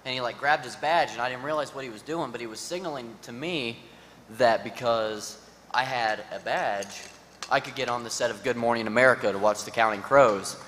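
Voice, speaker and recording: A man's voice: mid-range voice, brisk, fairly bright tone. Man, panelist, casual rambling delivery, hall reverb, faint noise. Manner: casual, rambling, full of "you know" and "like". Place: large conference hall.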